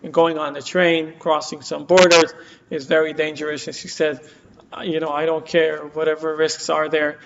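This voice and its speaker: A man's voice: a little high, level tone, normal speed, slight background noise. A man teaching a class and telling a story, with many fillers and restarts, acting out the quoted lines. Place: community center classroom. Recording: dull lo-fi room recording.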